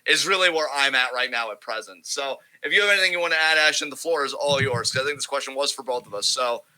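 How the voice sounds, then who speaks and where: A man's voice: medium pitch, fast, bright, forceful tone, poor audio. A man co-hosting a casual wrestling podcast, talking in a profane, rambling, emphatic way. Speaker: podcast co-host.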